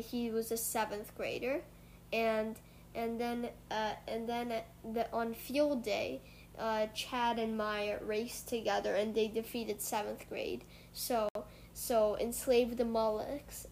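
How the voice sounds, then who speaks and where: A woman reading a comic book aloud and retelling its story in a halting way, with many restarts. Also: fairly high pitch, slight background noise. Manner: halting, with frequent restarts and fillers.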